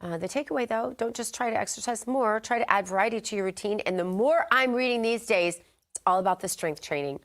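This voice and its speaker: A woman's voice: mid-range voice, fairly quick, a bit bright. A woman co-hosting a morning news show, chatting casually and reading health news in an upbeat, chatty way from a studio. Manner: chatty, upbeat, laughs easily. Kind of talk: casual chat and read health news segment.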